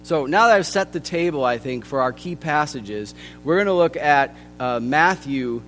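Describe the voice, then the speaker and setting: A male preacher delivers a sermon in an earnest, deliberate way, letting his sentences fall quiet at their ends. His voice sits a little high for a man. It rings out with a long reverb, and soft instrumental music plays faintly behind him. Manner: earnest and deliberate, drops softly at phrase ends. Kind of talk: sermon with scripture reading.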